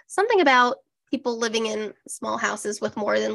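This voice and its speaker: A young woman with a gravelly, fry-heavy voice set a little high, trading sarcastic asides as a podcast co-host. Her talk is loose and casual, peppered with swearing. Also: lively intonation, moderate pace, fairly bright tone. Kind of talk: casual chat.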